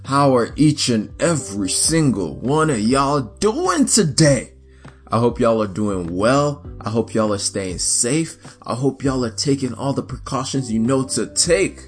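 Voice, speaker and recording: Young male podcast host, casual rambler, lively voice, light music bed. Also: mid-range voice, unhurried. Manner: rambling, chatty, animated.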